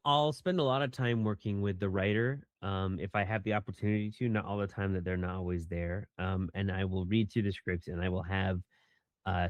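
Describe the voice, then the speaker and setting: Full of filler words, a man who works as a voice actor and director rambles casually through his interview answers and performs line readings along the way. He has a lowish voice and the recording has no echo.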